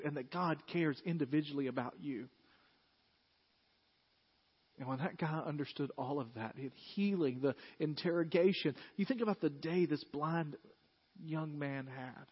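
Male pastor, husky middle voice, earnest sermon delivery to the congregation, muffled church recording. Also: medium pitch. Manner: earnest, direct address to the congregation. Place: church sanctuary. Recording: slightly dull lo-fi sermon recording.

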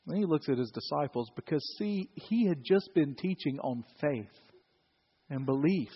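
A pastor with a high voice preaches in a conversational, joking way. His voice carries a long echo through a large hall, and the sound is slightly dull. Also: expressive, normal speed, breathy edge. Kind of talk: sermon.

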